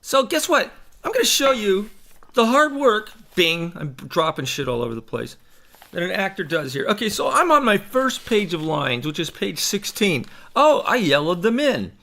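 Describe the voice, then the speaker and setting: Give me a chatty, self-mocking man with a lively, slightly high voice, talking into a desk mic. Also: moderate pace, vocal fry. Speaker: stage actor. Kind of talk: casual vlog chat. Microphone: desk microphone.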